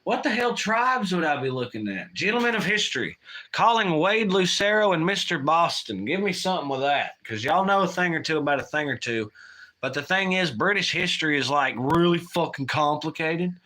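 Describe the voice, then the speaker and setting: A man's voice: a little high, expressive, normal speed, pushed and bright. A man hosting a casual livestream, rambling and swearing while he reads chat aloud. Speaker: livestream host.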